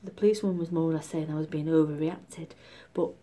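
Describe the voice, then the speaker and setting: A middle-aged woman from Britain telling a story in a casual vlog, chatty and animated, often dropping to a whisper. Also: sits low, fast talker. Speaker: vlogger.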